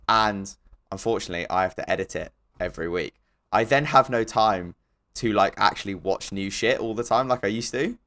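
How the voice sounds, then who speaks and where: A man co-hosting a comedy podcast, rambling and hedging as his voice trails off quieter. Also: on the low side. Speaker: podcast co-host. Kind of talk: casual comedic chat.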